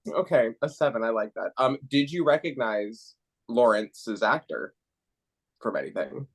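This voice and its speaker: Teasing trivia-sharing podcast co-host, lively intonation, casual call. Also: mid-range voice, unhurried, husky. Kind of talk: casual chat. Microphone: remote call.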